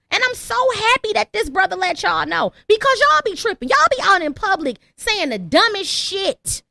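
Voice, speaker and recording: A very high, lively woman's voice hosting a call-in podcast, emphatic and full of rhetorical questions. She speaks with a bright, sharp edge. The sound is close and dry. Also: no echo. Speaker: podcast host. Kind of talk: heated call-in podcast commentary.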